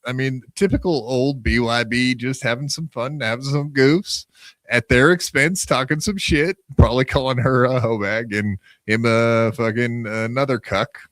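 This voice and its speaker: A man's voice: mid-range voice, normal speed, fairly bright tone, dry recording. A man co-hosting a podcast, telling a story in a dismissive, sarcastic way with plenty of swearing. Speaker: podcast co-host. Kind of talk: casual podcast chat.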